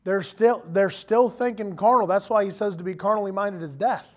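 A man preaching a sermon in a conversational, animated way, acting out quotes as he goes. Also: sits high, moderate pace.

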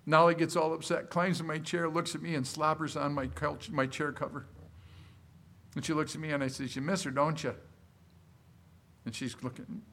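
Preacher, male, higher-pitched and bright; lively sermon delivery with scripture quotes and questions to the congregation. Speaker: pastor. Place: church service.

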